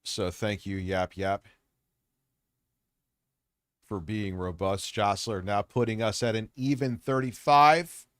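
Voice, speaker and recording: A man's voice: on the low side, steady tone, takes it slowly, long pauses, fairly bright tone, clear, resonant tone, no echo, clean studio sound. A man hosting a casual livestream, talking in a rambling, jokey, off-the-cuff way. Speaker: livestream host.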